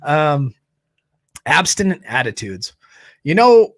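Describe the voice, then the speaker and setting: Man, livestream host, casual joking talk, slightly high pitch, dry close sound. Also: normal speed, no room sound. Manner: loose, joking, animated. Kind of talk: casual live-stream chat.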